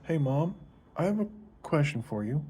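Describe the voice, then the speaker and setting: A man voicing a curious little schoolgirl, asking questions in a high, earnest tone. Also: very animated, normal speed, warm tone, slight background noise.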